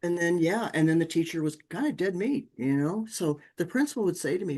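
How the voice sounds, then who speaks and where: A woman, a parenting author, telling stories in a podcast interview and acting out the people she quotes. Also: brisk. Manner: animated, acts out quotes with big pitch jumps.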